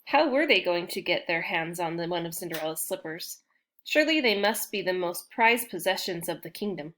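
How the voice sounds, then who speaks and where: A woman's voice: lowish voice, brisk. Woman reading a storybook aloud. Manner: steady reading with small restarts. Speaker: audiobook narrator. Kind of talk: storybook narration.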